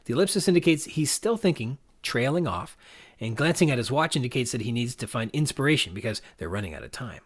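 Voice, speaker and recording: A male podcast host unpacks a book passage by passage, his pitch rising and falling with plenty of movement. He sounds measured and thoughtful, weighing each point as he goes. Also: expressive, husky. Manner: measured, reflective, analytical reading. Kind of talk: literary analysis podcast.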